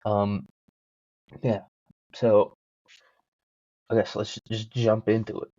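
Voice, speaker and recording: A man's voice: fairly low pitch, monotone, slow pace, mellow, no echo, muffled recording. A young man hosting a solo podcast, rambling casually with lots of swearing and self-mocking jokes. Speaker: podcast host.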